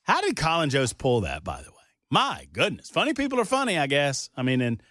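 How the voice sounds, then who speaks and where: A male talk radio host bantering in a rambling, animated way. His voice sits a little high and swings widely in pitch. It is recorded close and dry in a studio. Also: a little fast, no room sound. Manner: chatty, rambling, animated retelling. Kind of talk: casual on-air banter.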